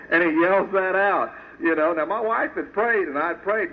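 A man's voice: high voice, a little slow. Brief: male sculptor, earnest folksy testimony to a church crowd, lo-fi phone-like radio sound. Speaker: Christian sculptor giving a testimony. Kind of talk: personal testimony to an audience. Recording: tinny phone-like radio audio.

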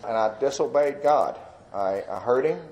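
A man giving an earnest, rambling personal testimony as a Christian artist, with fillers and soft laughs. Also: mid-range voice, animated, moderate pace, noisy background.

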